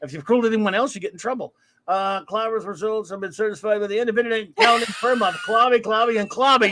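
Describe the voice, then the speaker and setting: A man with a notably high voice runs a relaxed livestream. He cracks jokes at his own expense and rambles through greetings with plenty of fillers and false starts. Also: quick pace, a little hiss or hum. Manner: jokey, self-deprecating, rambling with fillers. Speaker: livestream host. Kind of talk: casual livestream chat.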